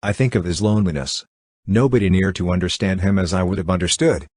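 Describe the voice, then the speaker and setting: A man's voice: low-pitched, fast talker, darkish tone, no echo, clean studio sound. A man reading as a grieving, devoted young woman. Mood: mournful. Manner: earnest, mournful delivery. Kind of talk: audiobook character reading.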